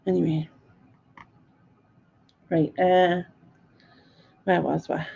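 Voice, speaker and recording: A woman's voice: fairly low pitch, level tone, extremely slow, vocal fry, warm tone, husky, dull audio. A woman from Sunderland with a northeast English accent, chatting casually and rambling on a live stream as she answers her viewers, laughing often. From Sunderland, northeast England. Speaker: live-stream host reading chat.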